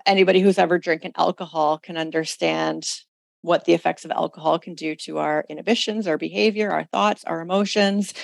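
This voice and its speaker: A woman's voice: on the low side, creaky, no echo. A woman hosting a community call, talking listeners through reflective self-development exercises. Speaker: host leading a women's community call. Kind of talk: coaching talk on a group call.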